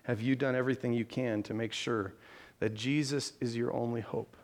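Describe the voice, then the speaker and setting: A man's voice: mid-range voice, steady tone, normal speed. A man preaching a sermon in an earnest, conversational way, asking the listeners rhetorical questions. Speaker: pastor.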